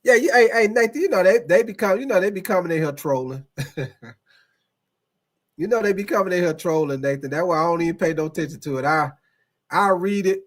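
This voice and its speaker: A man's voice: sits high, fairly quick. A man hosting a casual sports podcast who talks in a loose, rambling way, addresses his chat directly and laughs often.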